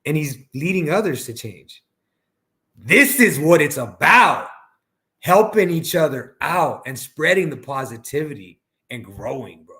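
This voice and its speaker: A man's voice: a little high, animated, measured pace, pushed and bright. Laid-back male coach, casual talker. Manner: casual, peppers speech with "bro". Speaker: podcast guest, coach. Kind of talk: casual podcast chat.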